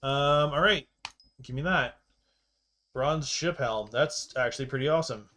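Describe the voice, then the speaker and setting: A man's voice: mid-range voice, a little slow, bright, forceful tone. A young man streaming a game, chatting loosely to himself and his viewers, swearing casually and laughing at himself. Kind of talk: casual gameplay commentary.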